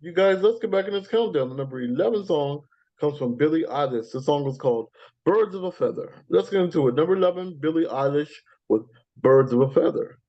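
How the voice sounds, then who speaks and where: A chatty man hosting a countdown show, speaking casually and often laughing. His voice is fairly high and mellow. The recording sounds dull and lo-fi. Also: lively intonation, fairly quick. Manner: chatty, with frequent fillers and laughs. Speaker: podcast host.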